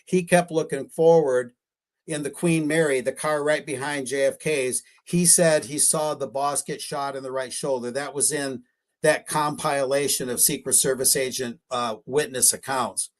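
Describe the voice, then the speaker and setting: A man's voice: mid-range voice, fairly even intonation, normal speed. A man talking as a guest researcher on a live-streamed radio interview, rambling and hesitant, correcting himself often with fillers.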